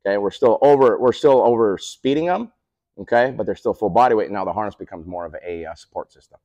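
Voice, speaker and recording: On a remote call with dull audio and no room sound, a fast-talking man with a fairly low pitch explains how he trains athletes at the speed facility he co-owns. It's a casual interview, and he peppers his animated, coach-style stories with "right?" tag questions.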